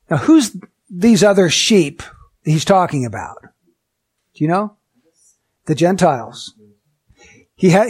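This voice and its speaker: Earnest, high-voiced preacher man. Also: darkish tone. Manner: earnest, emphatic, rhetorical questions. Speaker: pastor. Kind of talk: sermon.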